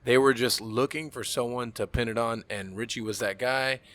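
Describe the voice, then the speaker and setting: A man hosting a podcast, chiming in with questions and quick reactions in casual chat. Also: medium pitch, steady tone, fairly bright tone. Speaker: podcast host.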